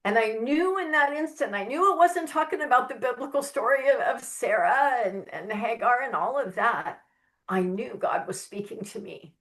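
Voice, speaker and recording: A woman's voice: a little high, lively intonation, moderate pace, fairly bright tone. A woman guest on a faith-based podcast, an author and mentor sharing her testimony in an earnest, heartfelt way with emphatic stresses.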